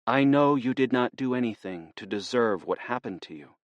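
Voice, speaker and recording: A man reading an audiobook, voicing a calm, compassionate young goddess. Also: medium pitch, normal speed, no room sound, muffled recording, voice pushed up, natural voice.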